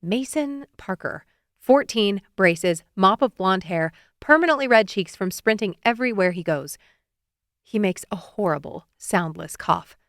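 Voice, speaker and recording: A woman reads a romance audiobook in the first person, with a mid-range voice. She is lively and expressive, and the recording is dry and close. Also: medium pitch, unhurried, no echo. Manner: expressive, voices the characters' lines with feeling. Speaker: audiobook narrator.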